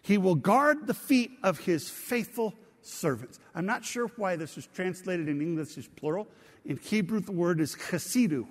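A man's voice: a little high, in a large hall. A man preaching a sermon as pastor, reading scripture aloud and drawing the congregation in with questions. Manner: engaging, asks the congregation questions.

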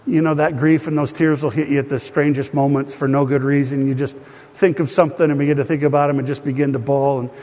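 A man's voice: medium pitch, flat delivery, fast talker, a little mellow. A man preaching as a pastor, speaking earnestly and directly to his congregation, then leading them in prayer. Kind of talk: sermon with prayer. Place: church sanctuary. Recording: long reverb of a church hall.

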